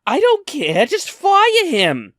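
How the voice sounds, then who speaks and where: Man doing shrill, shouting entitled woman shopper; slow, drawn-out accusing lines. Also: huge pitch swings, no room sound, clean studio sound, heavily acted. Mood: shrieking.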